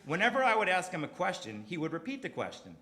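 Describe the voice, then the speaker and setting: A middle-aged man performing a confessional storytelling comedy set on a theater stage, swinging from quiet to loud and emphatic. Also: high voice, huge pitch swings, quick pace, noisy background.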